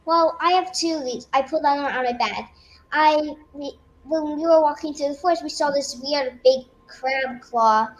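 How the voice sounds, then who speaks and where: A woman's voice: high-pitched, moderate pace, low-quality recording. A woman playing a tabletop game, describing her character's actions and questioning the game master. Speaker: player.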